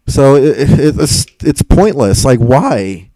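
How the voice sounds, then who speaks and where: A man's voice: mid-range voice, very animated, extremely slow, pauses often, dark tone, no room sound, low-quality recording. A young man live streaming and answering chat, frustrated and rambling, swearing and stumbling over repeated words.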